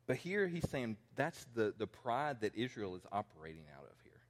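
A man's voice: lowish voice, big pitch swings, moderate pace, hardly any pauses. A pastor in his forties preaching a conversational sermon, acting out the people he quotes. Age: 40s. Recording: long reverb in a large hall.

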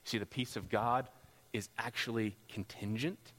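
A man preaching a sermon as pastor, rising into loud, impassioned passages. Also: steady tone, a little slow. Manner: builds to loud, high-pitched pleading passages. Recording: long hall reverb.

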